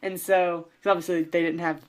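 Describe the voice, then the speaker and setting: A man's voice: a little high, level tone, fairly quick. A young man co-hosting a casual podcast, rambling through an improvised story with lots of fillers and restarts, joking along the way. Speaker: podcast co-host.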